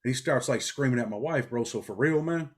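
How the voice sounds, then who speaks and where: A man's voice: mid-range voice, a little fast. A middle-aged man from New York, a former prisoner talking bluntly in a casual interview. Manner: blunt, street-talking, animated storytelling.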